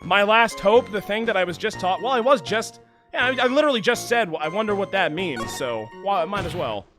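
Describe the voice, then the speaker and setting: A man's voice: high-pitched, sing-song, fairly quick, fairly bright tone. Joking man narrating a game. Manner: joking, crude, sarcastic asides. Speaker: let's play streamer. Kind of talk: casual gameplay commentary and reading. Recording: game music playing behind.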